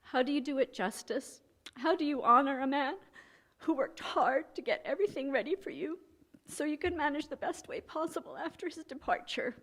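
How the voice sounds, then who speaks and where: Woman, high voice, memorial eulogy, reflective, questioning. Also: moderate pace, a bit bright. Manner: reflective, asking questions aloud. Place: funeral service hall.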